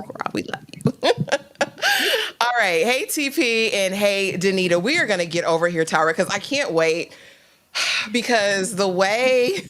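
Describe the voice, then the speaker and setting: A woman co-hosting a live stream that recaps a TV drama. She greets viewers by name and talks in an emphatic, animated way. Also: medium pitch. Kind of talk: casual live-stream chat.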